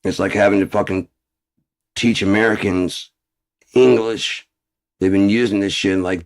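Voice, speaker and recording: A man's voice: lowish voice, fairly even intonation, measured pace, pauses often. A man delivering a profane, ranting monologue straight to camera, swearing constantly and muttering asides under his breath. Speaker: vlogger.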